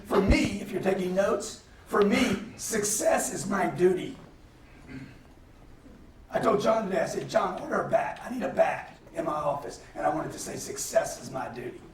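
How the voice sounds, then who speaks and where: Brief: high-pitched male motivational speaker, punchy and animated, recorded at a distance in an echoey hall. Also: slight background noise. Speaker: guest speaker. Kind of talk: motivational business lecture. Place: lecture hall. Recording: roomy hall, mic at a distance, faint ambience. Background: audience laughter.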